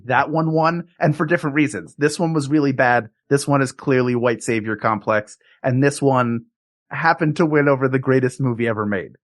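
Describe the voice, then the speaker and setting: A man's voice: mid-range voice, brisk. Emphatic male podcast co-host. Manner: emphatic, mock-outraged. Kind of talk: comedic podcast debate.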